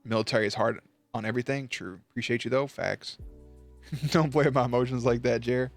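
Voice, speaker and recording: Dude streaming late, chill mid voice, swears a lot, jokey, little music going in the back. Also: male voice, brisk. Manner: profane, joking, bursts into loud high yelps. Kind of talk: casual chat reading out viewer messages.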